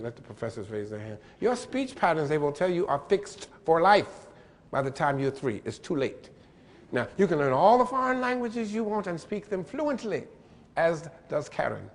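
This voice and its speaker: A man giving a lively lecture-style keynote address, playful and animated, spelling out letters and mimicking pronunciations. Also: high voice, long reverb tail. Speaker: keynote speaker.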